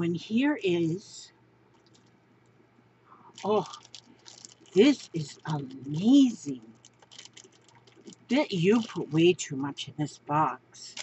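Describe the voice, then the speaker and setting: A woman crafter talks slowly through an unboxing, gushing and exclaiming and often saying things twice. Her voice sits at an ordinary pitch. It comes through a dull, lo-fi home recording with a faint hiss underneath. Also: a little mellow. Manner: gushing, exclaims and repeats herself. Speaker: crafting vlogger. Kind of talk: unboxing show-and-tell.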